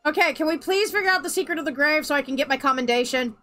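A woman's voice: sits high, racing, sharp tone, faint music behind. A woman streamer chatting casually while gaming, sarcastic and playful, swearing freely. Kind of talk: casual gameplay chat.

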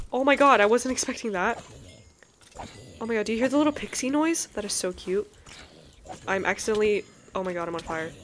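A young woman giving casual gameplay commentary as a let's play host, excitable, with frequent gasps and exclamations. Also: medium pitch. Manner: excitable, gasping and exclaiming often.

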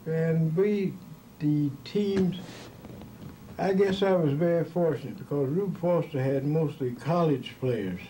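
Older man, ballplayer storyteller, mellow tone, slightly raised pitch, faint hiss behind. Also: low-quality recording. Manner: chuckles through anecdotes, folksy and rambling. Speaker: former baseball player. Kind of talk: storytelling in an interview.

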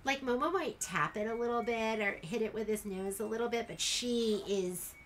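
A woman's voice: on the high side, normal speed, a little hiss or hum. A woman teaching a casual sew-along in her sewing room, chatty and rambling as she works. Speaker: sewing instructor.

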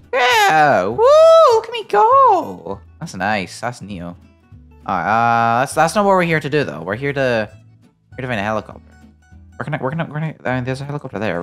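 Excitable British guy with a wildly swinging voice. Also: mid-range voice. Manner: excitable, jokey banter with sudden loud yelps. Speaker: gaming video creator. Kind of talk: playing a game and commenting.

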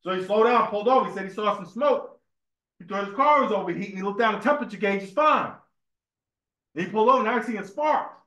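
In an echoey room at a religious temple meeting, a man delivers an informal sermon, sharing personal stories conversationally, often repeating words and asking listeners "right?". His voice sits high and sounds bright and forceful, with lively intonation and a fast pace.

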